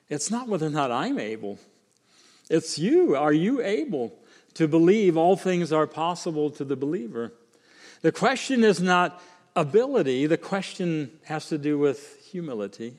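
A man preaching a sermon with emphatic swings from quiet, slow lines to raised ones. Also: on the high side, sing-song. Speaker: pastor. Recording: long hall reverb.

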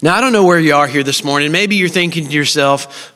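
A man's voice: on the high side, fast, hardly any pauses, bright, forceful tone. A middle-aged man, preaching a sermon in an earnest, personal storytelling style with touches of humor. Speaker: speaker at a church service. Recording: long reverb of a large hall.

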